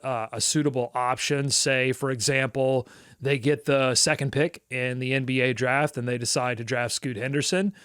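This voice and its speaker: A man's voice: mid-range voice, fairly bright tone, smooth, no echo, clean studio sound. A man co-hosting a sports podcast, talking casually with lots of fillers and playful asides. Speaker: podcast co-host.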